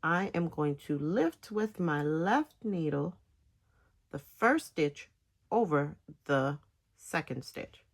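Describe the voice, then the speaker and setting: Slow, gravelly-voiced woman teaching knitting. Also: sits low, expressive. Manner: halting, pauses between phrases. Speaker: knitting instructor. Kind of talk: casual step-by-step tutorial.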